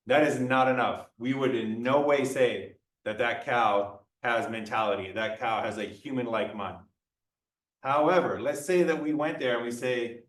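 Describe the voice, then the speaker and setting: A man's voice: mid-range voice, expressive, moderate pace, fairly bright tone. A male lecturer giving a conversational classroom talk, acting out little dialogues as he explains. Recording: echoey room, mic far off.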